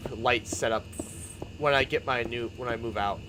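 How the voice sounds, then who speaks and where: A young man chatting casually on his stream, rambling and excitable, often laughing and restarting his sentences. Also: mid-range voice, a little slow, a little hiss or hum, low-quality recording. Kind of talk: casual chat while building in a game stream.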